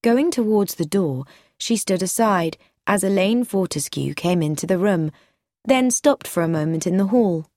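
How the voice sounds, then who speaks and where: A woman narrating a story aloud in a measured, clear, even way. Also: medium pitch, no echo, clean studio sound.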